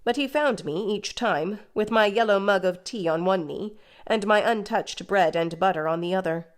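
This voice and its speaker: Woman narrator, measured and even, reading a classic novel aloud. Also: medium pitch. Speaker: audiobook narrator. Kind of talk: scripted narration.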